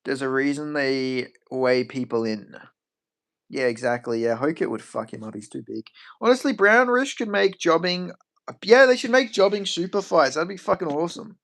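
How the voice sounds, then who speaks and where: A man's voice: on the high side, lively intonation, normal speed, a bit bright. A man chatting casually on a stream. He rambles, swears freely and answers questions from chat.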